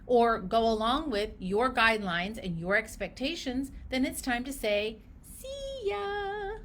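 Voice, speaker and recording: A woman coaching clinicians on running their practice, talking straight to the listener in an emphatic, animated way and acting out bits of patient dialogue. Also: fairly high pitch, moderate pace. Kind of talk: direct-to-camera business coaching.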